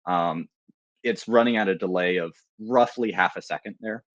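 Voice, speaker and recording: A man with a very low voice walks through a live software demo, speaking loosely and informally with plenty of "um"s and restarts. The sound is dry and close, with little room around it. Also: moderate pace, no echo, lo-fi sound. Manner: casual, loose, with many fillers and restarts. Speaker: security researcher presenting a tool. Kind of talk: live technical demo talk.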